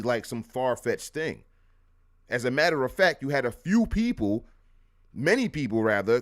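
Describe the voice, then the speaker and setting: A man hosting a live history show, talking in a casual, animated way with slangy asides. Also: mid-range voice. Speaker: host.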